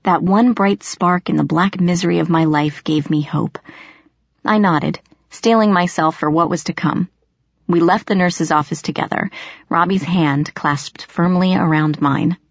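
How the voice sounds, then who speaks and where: Low-voiced woman narrating an audiobook. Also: a little slow, dry recording, dull audio. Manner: steady, expressive storytelling. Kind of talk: first-person audiobook narration.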